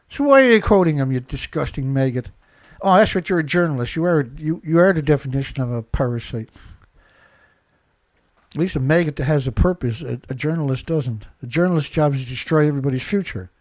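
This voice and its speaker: A man's voice: fairly high pitch, a little mellow, no echo. A man hosting a live show, giving an angry, ranting commentary full of insults and repeated rhetorical questions, a little congested. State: congested, blowing nose.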